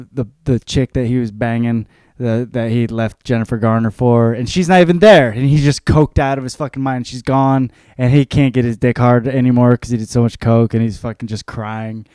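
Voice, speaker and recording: A man's voice: medium pitch, level tone, moderate pace, darkish tone, smooth, dry recording. A young man hosting a podcast and ranting for laughs, profane and rambling, often breaking into mocking voices. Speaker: podcast host. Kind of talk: comedic rant.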